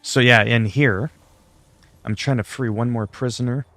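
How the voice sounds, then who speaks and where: A man's voice: medium pitch, fairly even intonation, measured pace, fairly bright tone, no echo. A young man streaming a game and chatting casually, rambling with lots of fillers and self-deprecating jokes. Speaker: gaming streamer. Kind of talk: casual livestream chat while gaming.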